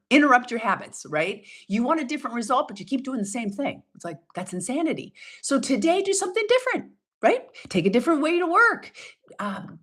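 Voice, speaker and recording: A woman's voice: mid-range voice, a bit bright, slightly rough. A woman leading a self-help challenge as its coach, talking in an upbeat, emphatic way, acting out what people say and laughing often. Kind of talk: motivational coaching talk.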